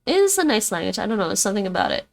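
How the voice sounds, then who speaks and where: A woman whose first language is Dutch talks at a racing pace in a medium-pitched voice with big pitch swings and vocal fry. As a streamer learning languages, she chats casually on her livestream, practicing words aloud and thinking them through.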